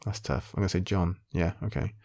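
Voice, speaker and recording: A man's voice: deep voice, quick pace, dark tone. A man thinking aloud as he plays an online quiz, muttering his guesses half to himself before he settles on an answer. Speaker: video creator playing an online quiz. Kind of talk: casual thinking-aloud commentary.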